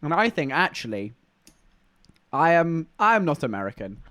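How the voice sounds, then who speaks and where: A man's voice: on the high side, sing-song, moderate pace, a bit bright, dry recording. A man with an English accent, chatting casually and rambling to viewers on a live stream. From England.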